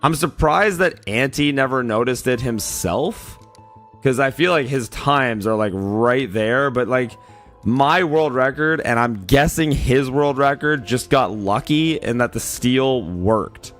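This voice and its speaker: Casting: raspy-voiced man, freshly out of bed, mid-pitched, loose rambling streamer chat, faint music behind. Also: a little slow, fairly bright tone. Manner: loose and rambling, many "like" fillers, greets chat by name. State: just woke up, yawning. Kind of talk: casual livestream chat.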